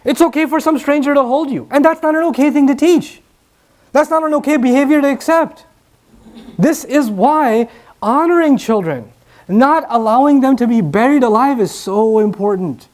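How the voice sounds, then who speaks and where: A man's voice: very high-pitched, normal speed, a little mellow. A middle-aged man preaching a sermon, earnest and building to emphatic repetition. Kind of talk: sermon to a live audience.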